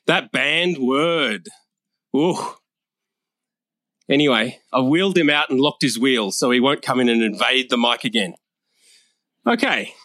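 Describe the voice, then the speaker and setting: Brash, bright-voiced roast comic. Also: male voice, mid-range voice, dry recording. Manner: brash and profane, mocking. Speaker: roast comedian. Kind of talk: crude comedic roast monologue.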